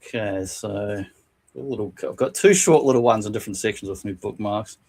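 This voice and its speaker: A man co-hosting a casual podcast, reading and retelling funny anecdotes from a book, laughing often and doing quick voices for quotes. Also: lowish voice. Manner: laughs often while telling stories, animated voices for quotes. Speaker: podcast co-host.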